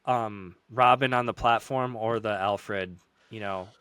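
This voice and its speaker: A man's voice: on the low side, steady tone, measured pace, fairly bright tone, clean tone, no room sound. A man co-hosting a podcast in casual chat, easygoing and self-deprecating, laughing often. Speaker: podcast co-host.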